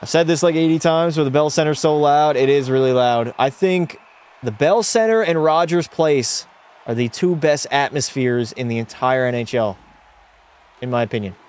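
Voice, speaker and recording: Young male streamer, slightly high voice, excitable play-by-play mixed with chat banter. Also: moderate pace, clean tone. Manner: excitable, chatty, answers chat, mock French-Canadian outbursts. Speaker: streamer and game commentator. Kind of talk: casual live-stream play-by-play commentary.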